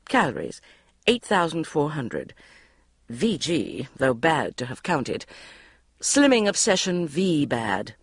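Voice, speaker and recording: A woman reading a first-person diary audiobook in a wry, expressive way. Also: deep voice, slightly rough, no echo, studio quality. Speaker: audiobook narrator.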